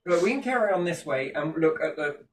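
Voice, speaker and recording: A man's voice: a little high, animated, brisk, a little hiss or hum. A British man talking in passionate, sweary rants during a casual chat. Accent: British English. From Britain. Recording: echoey room, distant mic, faint ambience.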